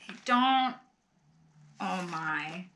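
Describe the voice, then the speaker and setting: A middle-aged woman with a bright, forward voice talks casually while opening mail at home. She gushes and exclaims, sighing and laughing softly as she goes. A faint hum of noise sits under the recording. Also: fairly low pitch. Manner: gushing and exclamatory; often sighs and laughs softly. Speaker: vlogger opening fan mail. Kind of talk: casual chat.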